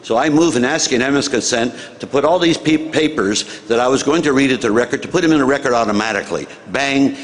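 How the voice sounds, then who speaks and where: An older man from the United States, a former senator, telling an animated story to an audience and acting out the dialogue. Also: medium pitch, quick pace, hardly any pauses, slight background noise. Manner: animated, acts out dialogue, chuckles at own story.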